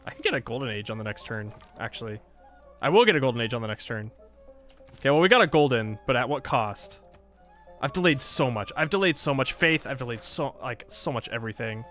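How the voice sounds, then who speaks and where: A man's voice: mid-range voice, lively intonation, fairly quick, fairly bright tone, faint music behind. A man commentating his strategy game, thinking aloud and exasperated at setbacks. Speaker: gaming YouTuber. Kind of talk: let's play commentary.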